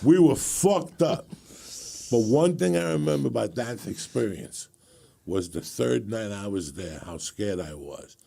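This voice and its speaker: A man in his sixties tells a rambling, profane story on a podcast. His voice is gravelly and husky with a dark, mellow tone. He drops swear words freely and chuckles between the lines. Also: fairly low pitch, unhurried. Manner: profane, animated, laughs through his stories.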